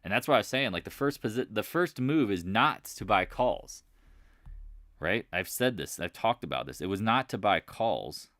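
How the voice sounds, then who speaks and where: Low-voiced rambling man. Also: expressive, normal speed, a bit bright, no room sound, studio quality. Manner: rambling, conversational, restarts and repeats himself. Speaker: market chat host. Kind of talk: live market commentary.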